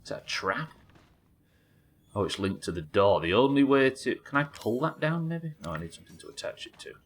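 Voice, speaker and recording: A man's voice: medium pitch, sing-song, a little fast. A British man commenting on a horror game as he plays it live, musing aloud, reading notes and chatting with viewers. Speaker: streamer.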